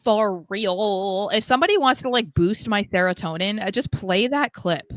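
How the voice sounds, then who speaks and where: A woman's voice: mid-range voice, expressive, normal speed, fairly bright tone, dry recording. A young woman co-hosting a wrestling podcast, talking casually and filling her sentences with "like". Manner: chatty, lots of "like" fillers. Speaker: podcast co-host. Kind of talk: casual chat.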